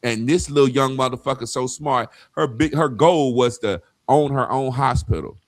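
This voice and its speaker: A man's voice: mid-range voice, moderate pace, no room sound, studio quality. A man telling profane stories in a casual chat, acting out the voices of people he quotes. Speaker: guest.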